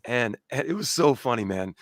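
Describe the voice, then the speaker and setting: A man's voice: mid-range voice, animated, normal speed, no room sound. A man in his thirties hosting a podcast, rambling through road stories in a casual, swearing way. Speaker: podcast host. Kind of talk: casual chat.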